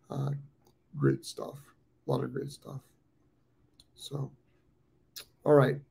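A man's voice: mid-range voice, creaky, a little mellow. A man in his fifties with an American accent, hosting a live dog training show in casual talk, rambling and repeating himself with many ums. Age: 50s. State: has the hiccups.

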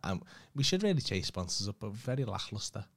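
A man's voice: on the low side, quick pace. A man, co-hosting a casual podcast, joking and swearing. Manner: lively, jokey, swears. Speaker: podcast co-host.

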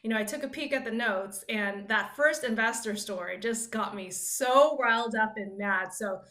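A woman hosts a casual interview, her voice bright and a little high. She encourages her guest with short agreements. The room around her sounds echoey. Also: normal speed. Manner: encouraging, frequent "mm-hmm" backchannels. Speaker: interview host.

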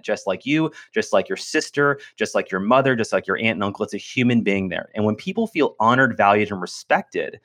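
Male interview guest, low voice, earnest and animated storyteller who restarts phrases mid-thought. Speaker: podcast guest, business speaker.

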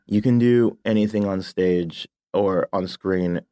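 A man's voice: low voice, takes it slowly, mellow, clean tone, no room sound, clean studio sound. A man, a puppeteer, chatting casually as an interview guest, talking with many fillers and restarts and laughing often.

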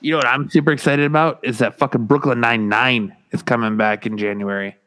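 Quick-paced and mid-range in voice, a man co-hosts a podcast, trading loose banter. He's profane and lively, voicing other people's words as he recounts them.

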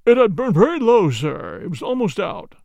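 A man's voice: high-pitched, sing-song, normal speed, vocal fry, darkish tone, dry recording, pitched above the performer's own voice, heavily acted. A man doing a deferential butler. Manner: deferential, formal. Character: respectful male butler, formal and deferential.

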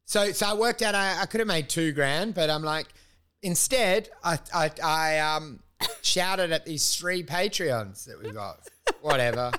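A man's voice: on the high side, measured pace, sharp tone, clean tone. A man co-hosting a comedy podcast, riffing crudely and laughing through his own jokes. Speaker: podcast co-host. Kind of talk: casual comedic chat.

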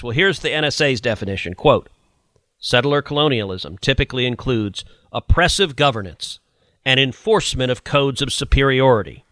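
With a medium-pitched, bright and forceful voice, a male podcast host offers opinionated political commentary, reading quotes aloud and mocking them with indignant sarcasm. No room sound is audible.

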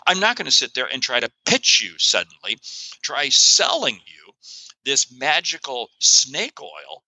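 A man talking as a guest author in a podcast interview, animated and emphatic, with frequent exclamations. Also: mid-range voice, unhurried, no echo, rough recording.

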